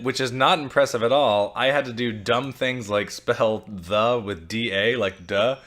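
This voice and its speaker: A man's voice: medium pitch, unhurried, hardly any pauses, a bit bright. A man co-hosting a podcast from home, chatting casually with jokes, self-mockery and casual swearing. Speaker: podcast co-host. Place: home, dog on the couch beside him.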